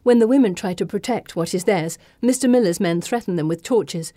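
A woman reading a first-person audiobook narration with an expressive, dramatic delivery. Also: mid-range voice, a little fast, dry recording, clean studio sound.

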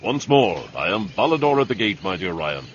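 A man's voice: fairly low pitch, big pitch swings, normal speed, dull audio, slight background noise. A male narrator voicing an eccentric, educated old man who speaks in a formal, old-fashioned way. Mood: grandiose.

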